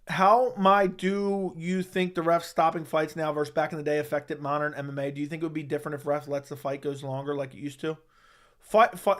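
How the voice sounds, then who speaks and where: A man's voice: on the high side, a bit bright. A young man hosting a casual livestream, answering chat with crude, mocking trash talk and frequent laughter. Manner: laughs often. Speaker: livestream host.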